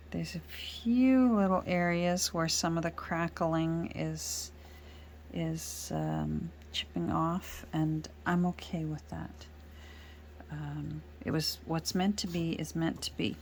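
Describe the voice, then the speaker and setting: Slow, soft-spoken woman crafter. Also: fairly low pitch, slight background noise. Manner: chatty, rambling, soft-spoken with frequent fillers. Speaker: junk journal crafter. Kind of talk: casual chat while crafting. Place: home craft studio.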